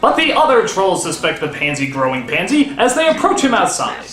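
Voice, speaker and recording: A man's voice: high voice, wildly swooping pitch, fairly quick, reverberant, loud music behind the voice. A man hosting a comedic film review, ranting and swearing in exasperation. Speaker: host.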